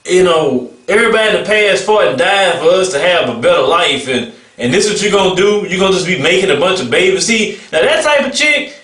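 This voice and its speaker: A man rants through a casual vlog commentary, blunt and mocking as he laughs at what he describes. His voice sits high for a man. He sounds set back from the mic in an echoey room. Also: a bit bright, far from the mic. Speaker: vlogger.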